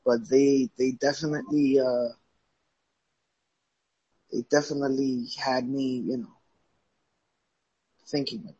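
Husky, rambling man on dull audio. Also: mid-range voice, fairly even intonation, slow, pauses often, dark tone, no room sound. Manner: loose, profane, rambling with restarts. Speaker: podcast co-host. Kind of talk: casual wrestling chat.

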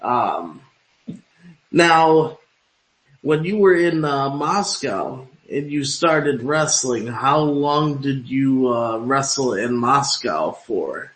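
Hosting a radio-style interview, this man rambles and pads his questions with fillers. His mid-range voice is animated and a bit bright, yet he talks very slowly, and the room is roomy and echoing.

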